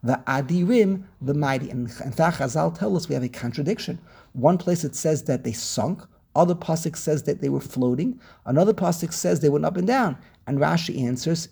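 Gravelly, husky man teaching a text. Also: a little high, expressive, warm tone. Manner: halting, repeats words while searching; Hebrew terms woven into English. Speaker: Torah teacher. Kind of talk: online text class.

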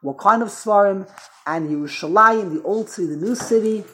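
His voice sits high and sounds pushed and bright, at a normal speed, with a little hiss or hum in the recording. The man is teaching a small, informal Torah class, rambling along chattily and repeatedly interrupting and restarting his sentences.

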